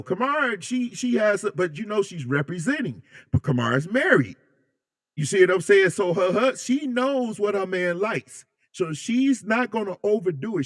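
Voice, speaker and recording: A man hosting a casual livestream, chatting loosely with his viewers and reading their comments, animated and joking with plenty of slang. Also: high-pitched, no room sound, clean studio sound. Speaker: livestream host.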